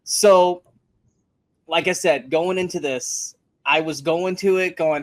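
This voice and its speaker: A man's voice: a little high, fairly even intonation, takes it slowly, no room sound. A man co-hosting a casual movie review podcast, ranting emphatically and swearing freely. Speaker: podcast co-host.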